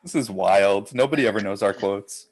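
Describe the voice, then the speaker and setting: A man hosting a casual online trivia game over a video call, upbeat and quick, laughing easily and reading questions out slowly and deliberately. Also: fairly low pitch, animated, a little mellow.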